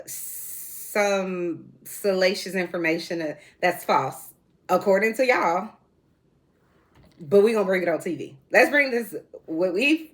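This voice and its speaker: Sassy, chatty woman recapping reality TV. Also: lowish voice. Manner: chatty, blunt and sassy, with casual slang. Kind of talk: casual solo recap talk to viewers. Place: indoors at home.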